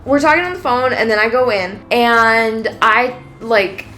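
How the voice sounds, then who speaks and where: With faint music behind her, a young woman co-hosting a podcast tells a long, casual story in a fairly high voice at a slightly slow pace. She animatedly acts out both sides of the exchange, saying "like" a lot.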